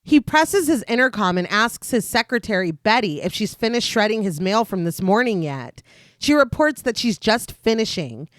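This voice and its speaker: A dry recording captures a young adult woman, a horror podcast co-host, reading a film recap at a moderate pace in a mid-range voice. She laughs frequently and tosses in animated side comments.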